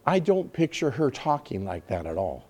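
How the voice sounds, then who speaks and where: A man preaching a sermon, telling a story with animated energy and acting out its scenes. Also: mid-range voice, normal speed.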